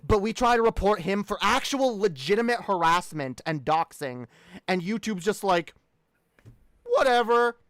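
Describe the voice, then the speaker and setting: A man's voice: sits high, animated, normal speed, a bit bright, no echo. A man streaming, ranting heatedly and swearing a lot. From Canada. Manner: heated, profane, repetitive. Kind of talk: ranting livestream talk.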